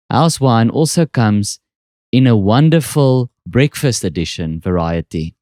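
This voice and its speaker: A man's voice: fairly low pitch, darkish tone, no room sound, clean studio sound. A man with an Afrikaans South African accent hosts a podcast in casual, joking, self-deprecating chat. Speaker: podcast host.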